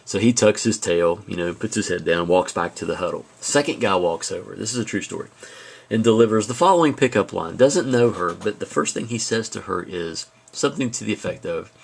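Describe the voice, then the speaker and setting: Male teacher in his thirties, deep voice, casual storytelling lecture. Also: animated, brisk, creaky, breathy edge. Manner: conversational storytelling, frequent asides. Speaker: high school teacher. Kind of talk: recorded video lecture.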